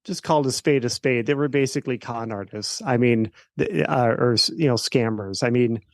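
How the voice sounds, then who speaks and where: Halting middle-aged man telling his story. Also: mid-range voice, creaky, no room sound. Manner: halting, many fillers and restarts. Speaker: podcast guest, estate planning attorney. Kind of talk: personal storytelling in an interview.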